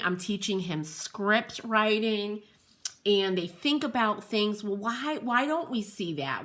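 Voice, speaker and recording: Chatty bright-voiced woman livestream host. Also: medium pitch. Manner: rambling, laughs often, addresses viewers by name. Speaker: host of a furniture painting livestream. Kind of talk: chatty livestream talk to viewers.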